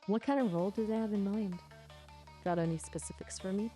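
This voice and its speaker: A woman's voice: mid-range voice, mellow, faint music behind. Playful synthetic woman chatbot voice. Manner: chirpy, playful, quick with quips. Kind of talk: casual chat.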